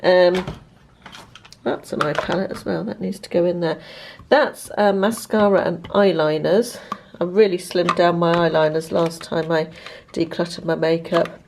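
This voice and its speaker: A woman, talking chattily and rambling through a casual vlog with many pauses. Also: fairly low pitch, fairly even intonation, vocal fry, darkish tone, a little hiss or hum. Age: 50s. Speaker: lifestyle vlogger. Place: car, then at home.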